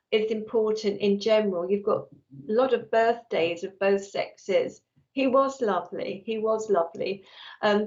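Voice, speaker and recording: A woman with a medium-pitched, darkish voice works as a psychic medium on a live stream. She reads viewer messages in a chatty, affectionate way, and her earphone mic gives the stream slightly dull, lo-fi sound.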